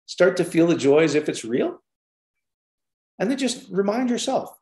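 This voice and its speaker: A man gives an informal sermon in a roomy, echoing space, his voice sitting a little high for a man. He tells stories with lively swings and plenty of casual fillers. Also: normal speed. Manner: animated storytelling with many fillers. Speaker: preacher. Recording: roomy echo.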